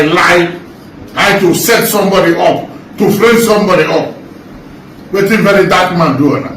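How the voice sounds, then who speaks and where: A man's voice: sits high, a bit bright. A Nigerian man speaking in Nigerian Pidgin, ranting at a protest and repeating his points with passion. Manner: impassioned, repetitive, denouncing. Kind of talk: street protest rant. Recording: echoey, from far off, faint noise.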